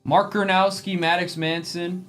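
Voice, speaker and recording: A man's voice: high voice, flat delivery, fairly bright tone, faint music behind. A man hosting a live sports card break, reading off player names from the cards he opens. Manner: rapid name roll-call of cards.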